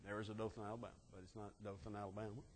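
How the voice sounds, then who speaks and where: Preacher in a reverberant hall. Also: male voice, on the low side, flat delivery, rapid-fire, slightly rough. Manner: dramatic storytelling preaching, acting out quotes, swinging loud to soft. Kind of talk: sermon.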